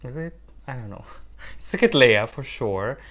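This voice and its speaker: A man in the middle of a casual unboxing vlog, talking at an everyday middle pitch. He is lively and playful, often joking at his own expense as he chats. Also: a little slow. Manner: animated, playful and self-mocking. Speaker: orchid hobbyist vlogger.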